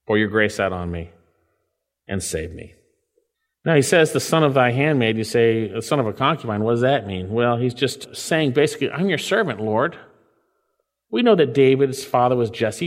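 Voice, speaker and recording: A man preaching an expository sermon in an earnest way, rising for emphasis and dropping low again. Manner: earnest, swells up for emphasis then drops low. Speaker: pastor. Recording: long hall reverb.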